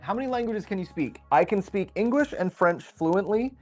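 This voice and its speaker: A young man hosting a casual livestream. He thinks aloud while building and reads viewer messages aloud in a relaxed, chatty way. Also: sits high, normal speed, soft background music. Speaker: livestream host building a LEGO set.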